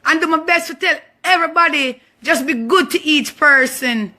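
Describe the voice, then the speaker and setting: Jamaican woman, 30s, high bright voice, fierce indignant rant, emotional and near tears, repeats lines. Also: moderate pace, hardly any pauses. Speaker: abuse survivor speaking out. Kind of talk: impassioned social media rant.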